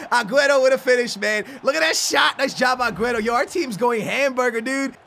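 A young man giving excited commentary over his own soccer video game match, yelling at goals and humming between plays. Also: very high-pitched, brisk, creaky, hardly any pauses, slight background noise. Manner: hyped, yelling at goals, playful banter; hums and sings snatches between plays. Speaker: gaming YouTuber.

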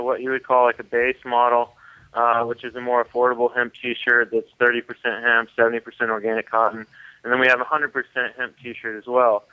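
A man calling in by phone as a radio guest, relaxed and matter-of-fact. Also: medium pitch, clean tone, no room sound. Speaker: phone-in guest, clothing company founder. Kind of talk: phone interview. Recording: dry, dull phone-in line.

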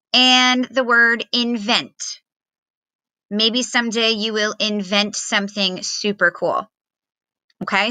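A woman teacher giving a remote phonics lesson to young children, slowly sounding out letters and syllables in a patient, encouraging way. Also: mid-range voice, bright, forceful tone, smooth, dry recording.

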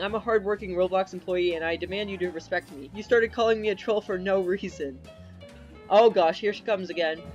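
A man's voice: sits high, highs cut off. A young man doing playful game commentary, giggling often and reading in-game chat aloud in a goofy way. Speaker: gaming YouTuber.

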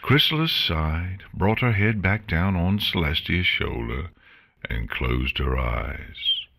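Deep, husky man reading an audiobook. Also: expressive, slow, sharp tone. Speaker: audiobook narrator. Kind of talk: audiobook reading of fan fiction.

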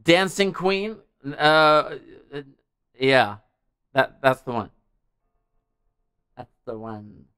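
A man's voice: mid-range voice, expressive, drawn-out words, pauses often, pushed and bright, smooth, no echo, studio quality. A young man hosting a music livestream, chatting loosely between songs, greeting viewers and thanking them with plenty of fillers.

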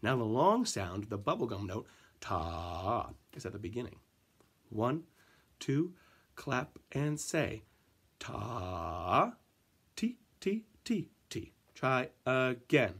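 A man teaching a music lesson to children, counting in and chanting rhythm syllables with gentle encouragement. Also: medium pitch, big pitch swings, takes it slowly, slightly rough.

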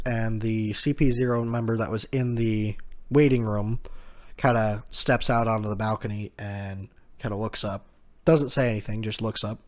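A man hosting a casual manga chapter recap, talking in a hesitant way with many fillers while he reads out quotes. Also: on the low side. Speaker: manga chapter reaction host.

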